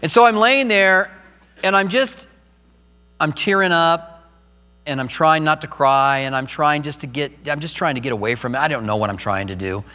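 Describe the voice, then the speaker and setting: A man's voice: on the high side, moderate pace, bright, forceful tone, big-room sound. A middle-aged man preaching a sermon as pastor, earnest and personal as he tells his own story.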